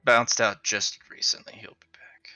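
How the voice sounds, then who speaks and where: A man's voice: fairly low pitch, little pitch movement, normal speed, bright, forceful tone, smooth, dry recording, in a whisper. A man running a tabletop game as game master, chatting casually and muttering and humming to himself as he sets things up. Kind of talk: casual chat while setting up a tabletop game.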